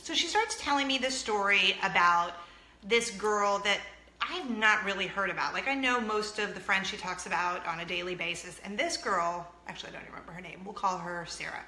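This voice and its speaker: A woman in her thirties hosts a casual vlog, chatting to camera in a self-mocking way, laughing often and acting out what others said. Her medium-pitched voice is brisk and sharp, and the sound is roomy.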